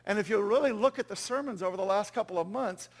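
A man's voice: sits high, fast talker. A man preaching a sermon as pastor, conversational and self-deprecating, with frequent asides to the congregation.

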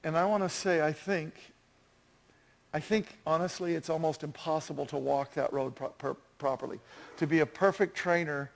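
A man's voice: on the high side, fairly even intonation, moderate pace, gravelly. A man in his fifties preaching a sermon in a chatty, self-deprecating way, telling stories with animation. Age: 50s.

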